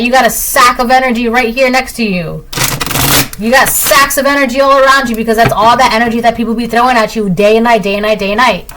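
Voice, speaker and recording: A woman's voice: fairly high pitch, background noise. A woman giving a casual tarot reading, chatty and repetitive, often ending lines with "right?". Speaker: tarot reader.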